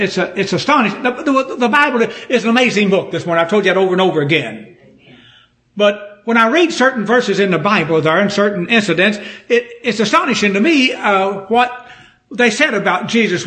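A man's voice: high-pitched, sharp tone. A male preacher, delivering a fervent sermon that builds in force and repeats its key phrases.

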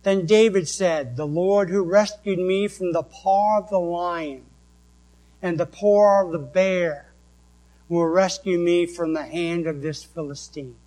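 A man with a New England accent delivers a sermon, reading out verse after verse at an unhurried, deliberate pace. His voice sits a little high for a man. A faint electrical hum runs under the recording. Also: a little mellow, poor audio. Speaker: pastor.

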